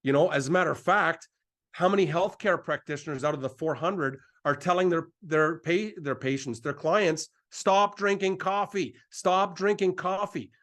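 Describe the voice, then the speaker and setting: A middle-aged man hosts a live presentation, pushing an excitable sales pitch that keeps repeating itself while he pumps himself up along the way. He talks at a normal speed.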